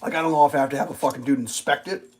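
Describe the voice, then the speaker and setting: Racing along in a slightly rough, higher-pitched voice, a young man hosting a livestream shares meandering, profane stories and mimics the people he quotes. The casual chat comes through on a low-quality recording.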